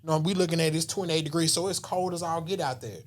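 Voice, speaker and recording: A man's voice: a little high, fairly even intonation, fast. A man, telling a story in casual, slangy talk and acting out voices and whispers. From Southern US. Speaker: podcast guest.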